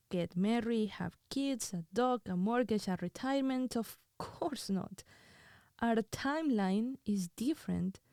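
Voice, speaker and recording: Crying woman reading her own diary-ish writing, soft warm voice, halting and emotional, dry close sound. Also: medium pitch, no room sound. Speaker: host.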